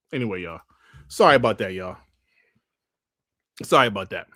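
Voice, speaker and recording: A man's voice: fairly low pitch, pushed and bright, dry recording, studio quality. A man hosting a gaming podcast livestream in a casual, profane, laid-back way, grumbling at technical trouble. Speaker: podcast host.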